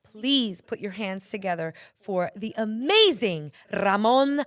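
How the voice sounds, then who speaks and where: A woman hosting a podcast in a lively, playful and chatty way. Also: medium pitch, takes it slowly, no echo. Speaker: podcast host.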